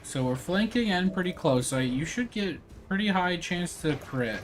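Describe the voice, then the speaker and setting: A man's voice: sits high, animated, normal speed, very noisy. Rambling young man playing a game. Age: young adult. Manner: rambling, lots of fillers and slang. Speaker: gameplay streamer. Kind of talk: casual gameplay commentary.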